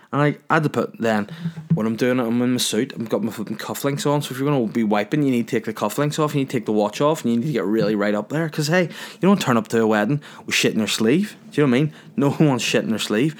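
A young man, telling a crude, rambling comic story in a loose monologue. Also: medium pitch.

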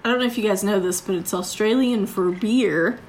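A woman's voice: mid-range voice, moderate pace, a little hiss or hum. A woman co-hosting a casual podcast, trading dry, mock-grand boasts. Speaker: podcast co-host. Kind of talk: casual chat.

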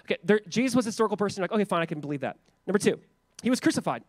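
A man pastor giving an animated, conversational sermon, acting out quotes in a playful way. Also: high voice, very fast, no room sound.

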